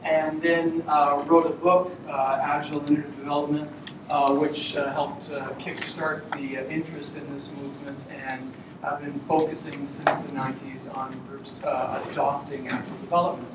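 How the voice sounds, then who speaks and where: A middle-aged man gives a relaxed evening talk, dotted with "uh" fillers. His fairly high voice comes from far off the mic in a very echoey hall, with clear noise behind it. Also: normal speed. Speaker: invited speaker. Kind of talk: evening lecture to an audience. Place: lecture hall.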